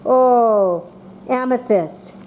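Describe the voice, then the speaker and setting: A woman teaching a class of young children, speaking slowly and patiently and calling on each child by name. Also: on the high side, slight background noise. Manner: slow and patient, calling on children by name, voicing excited examples.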